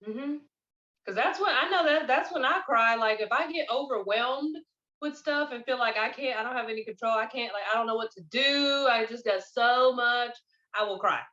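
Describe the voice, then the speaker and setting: A woman hosting a podcast, telling stories in a casual spiritual chat with an animated, expressive manner. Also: a little high, normal speed. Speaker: podcast host. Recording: dull lo-fi recording.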